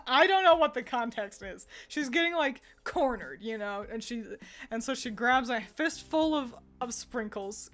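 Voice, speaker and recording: Her voice is a little high with a fairly bright tone. She's a young woman from the United States on a stream, chatting casually and reading her chat, meandering along with lots of laughter and restarts.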